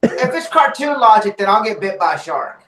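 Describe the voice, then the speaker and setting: High-voiced man in a roomy echo. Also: big pitch swings, normal speed, fairly bright tone, a little hiss or hum. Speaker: podcast co-host. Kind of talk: casual comedy chat. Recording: roomy echoey sound.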